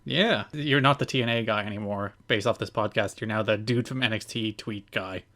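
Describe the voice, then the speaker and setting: A man's voice: lowish voice, brisk, a bit bright. A man co-hosting a podcast, chatting casually with a dry, teasing manner. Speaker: podcast co-host. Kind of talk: casual chat.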